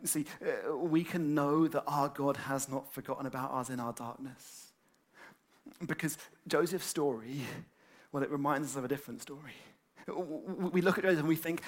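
A man preaching a sermon, animated and conversational, with many fillers and repeated words. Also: on the high side, moderate pace. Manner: animated, acts out excited quotes.

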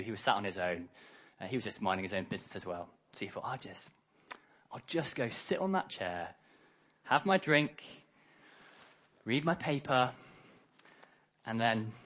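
A man's voice: on the high side, sharp tone. A man preaching a harvest sermon, telling a story and acting out the characters' lines.

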